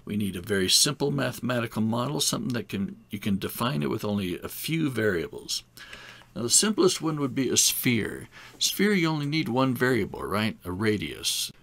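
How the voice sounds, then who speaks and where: A man's voice: mid-range voice, very animated, moderate pace, creaky, a bit bright. A man giving a recorded lecture as an instructor, talking in a conversational way with wry asides.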